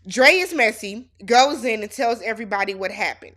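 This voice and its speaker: A woman's voice: fairly high pitch, expressive, normal speed, fairly bright tone. A woman hosting a casual reality show recap, sassy and speaking straight to the cast as if they could hear her.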